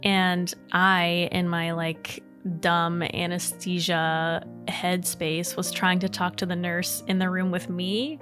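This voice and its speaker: A woman's voice: fairly low pitch, flat delivery, slow pace, few pauses, a bit bright, faint music behind. A woman podcast host telling personal ghost stories in a chatty, rambling way, full of fillers.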